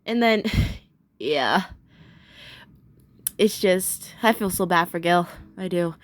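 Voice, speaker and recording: A woman's voice: on the low side, takes it slowly. A young woman casually recapping a cartoon episode, rambling with many fillers, giggling and gushing in bursts.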